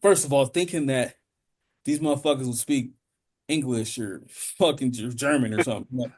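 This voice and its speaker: A man's voice: mid-range voice, normal speed, a little mellow, slightly rough. A man co-hosting a podcast, chatting casually and telling profane stories full of comic voices. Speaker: podcast co-host. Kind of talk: casual chat.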